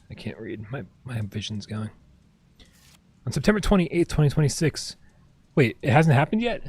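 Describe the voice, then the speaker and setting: A man streaming a video game, chatting casually and reading on-screen text aloud. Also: a little high. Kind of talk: casual gameplay commentary.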